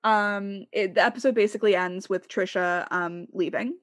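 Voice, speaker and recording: A woman's voice: medium pitch, moderate pace, dry recording, clean studio sound. A young woman co-hosting a podcast, chatting casually and animatedly, swearing and mimicking other people. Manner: animated, swearing, quoting others in mock voices. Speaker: podcast co-host. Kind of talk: casual gossip chat.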